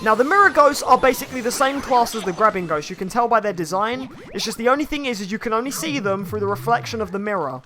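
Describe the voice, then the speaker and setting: A game streamer giving chatty, rambling gameplay commentary that bursts into excited shouts. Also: medium pitch, quick pace, hardly any pauses.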